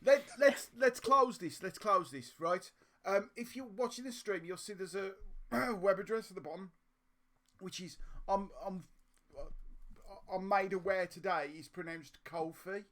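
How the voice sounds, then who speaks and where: A man's voice: sits high, unhurried, a bit bright. A man hosting a casual live stream chat, coughing with a sore throat and stumbling over restarts. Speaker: podcast host.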